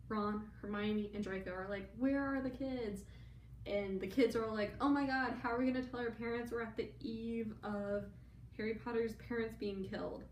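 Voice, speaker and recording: A young woman in a tipsy, rambling comic retelling, acting out characters' lines as she goes. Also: medium pitch. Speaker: drunk storyteller. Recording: echoey room from a distance, faint background noise.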